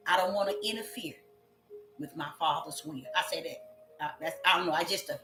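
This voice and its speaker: A woman's voice: fairly low pitch, fairly quick, bright, forceful tone. A woman preaching a sermon in an emphatic way, repeating her phrases and drawing out the scripture she reads. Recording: echoey room with faint music.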